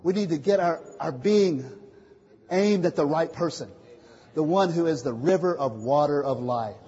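A man with a fairly high, husky voice preaches to his congregation, tossing out questions for them to answer and rising from soft asides to loud declarations. The sound is muffled and rings with the long echo of a meeting hall. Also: expressive, normal speed. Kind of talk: sermon. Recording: muffled, echoey hall recording.

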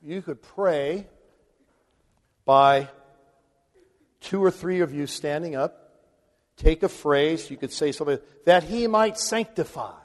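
A man's voice: on the high side, slow pace, pauses often. A man preaching in a reverberant hall. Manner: conversational, chuckles between points. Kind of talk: sermon. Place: large hall before a congregation.

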